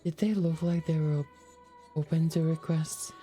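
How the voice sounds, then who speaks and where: Woman streamer voicing a battered, parched outcast. Low, very mellow, halting, and repeats herself. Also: steady tone, soft background music, natural voice. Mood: distraught, parched. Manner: halting, repetitive, distraught reading. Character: wounded, parched outcast haunted by an attack. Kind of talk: reading a visual novel aloud.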